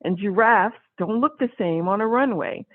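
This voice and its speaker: A woman guest telling a story in casual conversation, with an animated way of talking. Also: medium pitch, moderate pace, dry recording. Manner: animated, acts out quoted voices. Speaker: interview guest. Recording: tinny phone-line sound, dry.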